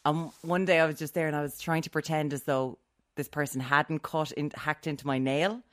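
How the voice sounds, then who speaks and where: A woman in casual chat, reacting quickly, laughing along and telling her own story. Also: low-pitched, steady tone.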